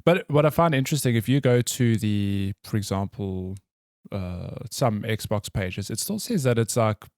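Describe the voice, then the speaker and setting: This South African man has a lowish voice recorded dry and close, with no room around it. He co-hosts a casual gaming podcast over a remote call, laughing often and tossing in quick, playful asides. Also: expressive, a little mellow, no echo. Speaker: podcast co-host. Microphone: remote call mic.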